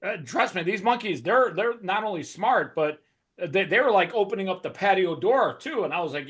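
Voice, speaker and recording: A male podcast host with a slightly raised pitch, telling stories in a loose, animated way and swearing freely as he chats with his guest. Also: normal speed. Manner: animated profane storytelling. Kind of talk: casual conversation.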